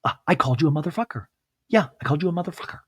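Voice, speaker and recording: A man's voice: fairly high pitch, lively intonation, racing, slightly rough, dry recording, clean studio sound, pitched above the performer's own voice. A man voicing a weepy, theatrical middle-aged mother in a comic retelling. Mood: defiant. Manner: tearful, theatrical.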